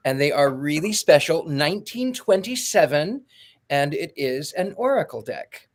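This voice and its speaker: A man's voice: fairly high pitch, animated, moderate pace. A man in casual podcast chat, telling stories animatedly and acting out the quotes. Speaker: podcast co-host.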